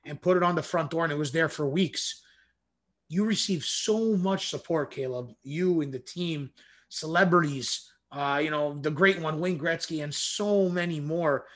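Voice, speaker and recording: A man's voice: a little high, a bit bright. Rambling man hosting an interview. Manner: rambling, halting questions. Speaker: host. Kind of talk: casual interview.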